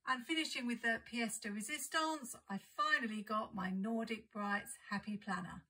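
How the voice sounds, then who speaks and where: A woman's voice: on the high side, normal speed, few pauses, bright, forceful tone, poor audio. A woman chatting casually and enthusiastically as she unboxes and describes craft supplies for her vlog. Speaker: craft and planner vlogger. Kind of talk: casual haul unboxing chat.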